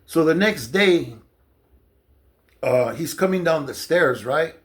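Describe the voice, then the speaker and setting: This storyteller, recounting his jail experiences, talks through a long personal story in a loose, conversational way with many fillers and restarts. His fairly high voice is animated, though his pace is slow.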